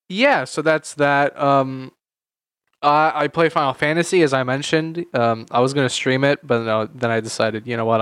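A man's voice: mid-range voice, a bit bright, smooth, no room sound, studio quality. A young man in his late teens, co-hosting a casual chat podcast, rambling with lots of fillers and repeated words. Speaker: podcast co-host.

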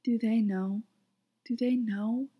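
Soft-spoken doting male angel, pitched up, breathy and affectionate, read by a woman. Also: fairly even intonation, slow pace. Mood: wistful. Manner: soft, affectionate, sometimes whispered.

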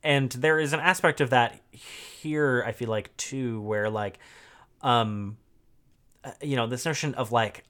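A man co-hosting a casual podcast, talking through game lore with halting, filler-heavy speech. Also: medium pitch, fairly bright tone. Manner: halting, many fillers, thinks aloud. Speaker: podcast co-host.

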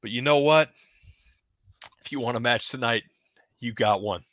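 Guy doing a brash old wrestling boss, loud and boastful, bright dry voice. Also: medium pitch, moderate pace, no echo, lightly acted. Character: brash veteran wrestling boss, older man.

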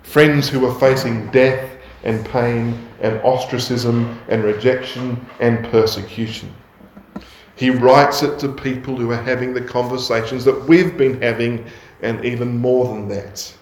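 Slow, measured male preacher in an echoey room. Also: medium pitch, fairly even intonation, slight background noise. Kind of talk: sermon.

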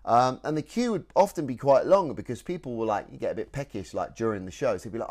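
A man's voice: medium pitch, animated, fast, few pauses, darkish tone. A British man, a podcast co-host, telling a story in casual chat with rambling restarts.

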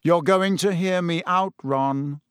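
A desperate middle-aged wizard begs to be heard, as a man reads him in an audiobook. The voice sits high and strained, urgent and pleading, and is recorded dry and close. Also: takes it slowly, fairly bright tone, clear, resonant tone, no room sound. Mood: firm.

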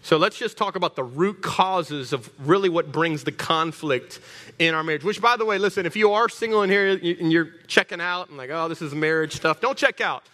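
A male pastor preaching an animated, humorous sermon that rallies the congregation. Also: high voice, moderate pace, in a large hall. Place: church hall.

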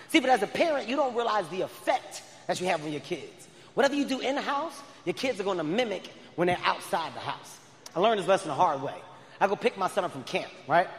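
High-voiced man doing animated stand-up. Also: a little hiss or hum. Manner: animated storytelling with loud outbursts. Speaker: stand-up comedian. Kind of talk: stand-up comedy set. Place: large arena stage. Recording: live arena with long reverb.

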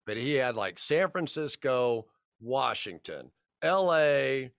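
A man in his fifties tells football stories in a relaxed podcast chat. He rambles and restarts often, slipping into quoted dialogue. His voice sits at an ordinary middle pitch, recorded close and dry. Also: slow, gravelly, clear, resonant tone, no room sound. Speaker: football broadcaster guest. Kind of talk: casual podcast storytelling.

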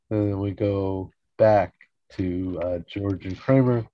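A man hosting a show, casually recapping a sitcom episode in a relaxed way, acting out the lines and chuckling often. He is recorded close on a mic with a dull, lo-fi sound. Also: low voice, dry recording.

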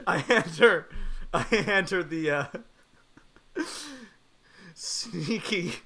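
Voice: medium pitch, lively intonation, takes it slowly, bright, forceful tone. A player in a tabletop game who talks hesitantly and breaks into giggles. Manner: giggly and hesitant, many fillers. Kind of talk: tabletop role-play.

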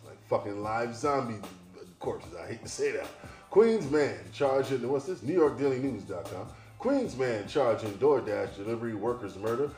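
A man's voice: mid-range voice, animated, normal speed, darkish tone. Man ranting over headlines, profane, sardonic, roomy echo, faint music underneath. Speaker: podcast host. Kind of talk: ranting commentary on news headlines.

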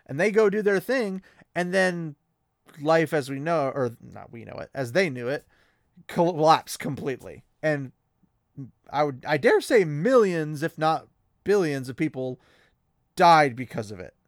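A man hosting a casual podcast, recapping a book with animated energy and frequent laughs, close to the mic. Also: a little high, unhurried, creaky, no room sound. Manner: animated, laughing often, playful. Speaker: podcast host.

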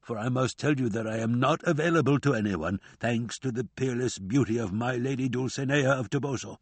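A man's voice: mid-range voice, brisk, husky, no room sound, close to an everyday voice. A man voicing an aging, deluded male knight who speaks in archaic, ceremonious phrases. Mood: stately.

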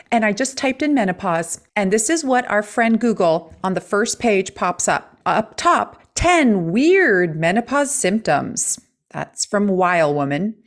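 A woman hosting a podcast, chatting with her guest and telling stories in a lively way. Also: medium pitch. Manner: lively, animated storytelling. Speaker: podcast host. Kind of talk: podcast interview.

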